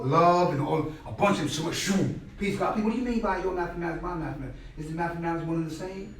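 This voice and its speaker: A man's voice: on the high side, quick pace, hardly any pauses. Middle-aged man in a very echoey room. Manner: animated, acts out quoted people loudly, repeats words. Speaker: guest speaker at a class. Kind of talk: conversational storytelling lecture. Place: indoor classroom space. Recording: very echoey room, mic far off.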